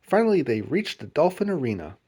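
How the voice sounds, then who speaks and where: A man reading a children's picture book aloud as host, in an expressive, lilting storyteller manner. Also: on the high side, fairly quick, husky.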